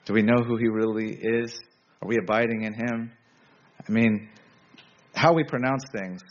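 A man preaching a sermon to a congregation in a relaxed, conversational way, often restarting his sentences. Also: on the low side, muffled recording. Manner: conversational, self-correcting, with frequent restarts.

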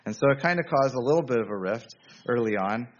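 A man preaching a sermon to a congregation in a relaxed, conversational way, often restarting his sentences. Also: medium pitch, quick pace, lo-fi sound. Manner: conversational, self-correcting, with frequent restarts.

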